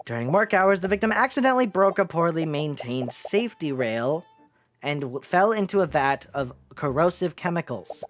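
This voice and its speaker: A man voicing a cold, formal prosecutor who speaks in a measured way. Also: a little high, very animated.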